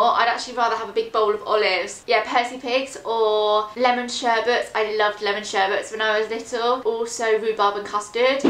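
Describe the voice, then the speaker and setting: A woman's voice: a little high, fairly bright tone, roomy sound. A young woman from England, chatting casually and self-deprecatingly through a question tag on her fashion vlog. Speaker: fashion vlogger.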